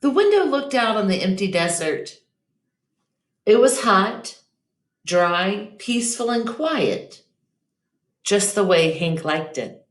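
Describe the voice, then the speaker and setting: Woman, teacher, picture book read-aloud, expressive, slow pace, echoey room. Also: medium pitch.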